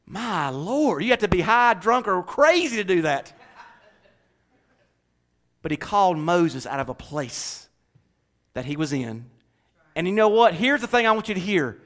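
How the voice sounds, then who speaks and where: Animated high-voiced male preacher. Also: measured pace, pauses often. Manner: animated, emphatic, humorous asides. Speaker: pastor. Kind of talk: sermon.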